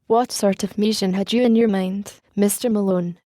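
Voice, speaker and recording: A woman reading an old Scottish news editor in a mellow, dry voice, kindly but gruff. The delivery stays close and even, a measured audiobook reading with a light lilt. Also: medium pitch, no room sound, natural voice. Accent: Scottish, put on.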